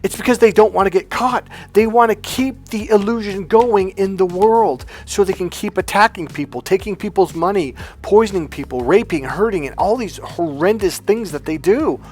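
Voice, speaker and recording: A man's voice: sits high, moderate pace, few pauses, darkish tone, slightly rough. Blunt, fiery man coaching on camera. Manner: blunt, profane, fiery and emphatic. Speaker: relationship coach. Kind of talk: motivational vlog monologue.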